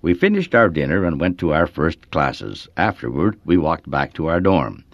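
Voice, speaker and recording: A man's voice: a bass voice, sing-song, moderate pace, no echo. A man reading a short story aloud as its narrator, telling it expressively and leaning into key words, on a dull lo-fi recording.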